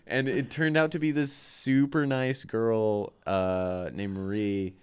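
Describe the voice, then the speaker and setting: A man with a very low, smooth and clean voice tells road stories as a guest, loose and rambling, full of filler words and curses. The tone is unhurried and conversational. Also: fairly even intonation. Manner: rambling, swears a lot, lots of "like". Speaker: band guitarist and vocalist, guest. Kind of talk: casual tour storytelling.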